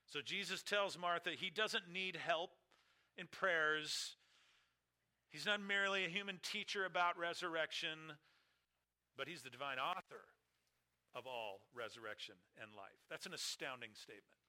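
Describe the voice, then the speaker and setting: A man preaching a sermon, leaning hard on key phrases, then dropping quiet and low. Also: moderate pace, low-quality recording. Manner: emphatic, swings between loud stresses and quiet low drops.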